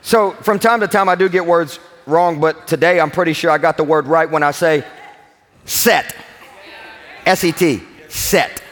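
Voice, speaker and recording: A man's voice: fairly high pitch, fairly even intonation, fairly quick, few pauses, a bit bright, long reverb tail. A young man with a Kentucky accent preaching a sermon as pastor, drawing out words for emphasis and leading the congregation in call-and-response. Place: large church auditorium with mezzanine.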